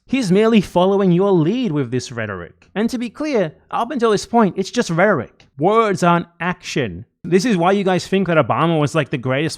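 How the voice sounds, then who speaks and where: A man hosting a livestream, delivering an angry, profane political commentary rant with heavy emphasis. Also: a little high. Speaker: livestream host.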